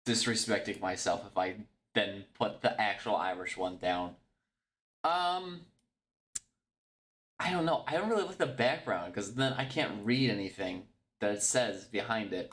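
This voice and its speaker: A man casually thinking aloud as he ranks logos, blunt, mocking and quick to swear. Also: on the low side, fairly bright tone. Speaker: streamer ranking football club logos. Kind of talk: casual solo commentary.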